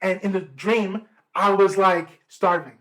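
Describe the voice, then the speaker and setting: A man's voice: high-pitched, unhurried, slight background noise, poor audio. Young man rambling through a wild story. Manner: rambling, animated retelling with slang and fillers. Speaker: podcast co-host. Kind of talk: casual storytelling.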